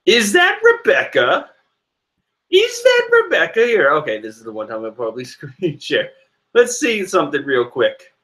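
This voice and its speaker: A man casually reading and reacting to a comic chapter, animated and rambling with restarts. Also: on the high side.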